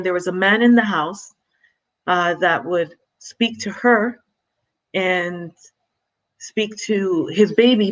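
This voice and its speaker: A woman from Jamaica telling her personal story as a guest in an interview, halting and reflective, often restarting and repeating words. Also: mid-range voice.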